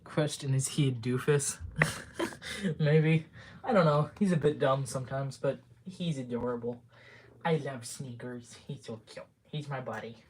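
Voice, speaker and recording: A Minnesotan woman with a strikingly deep voice talks unhurriedly on a casual home livestream. She drifts between relaxed chat with viewers and soft, doting coos to her pet, with a faint hiss of noise behind her. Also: takes it slowly, long pauses. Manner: coos affectionately at her cat between chatty asides. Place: home room.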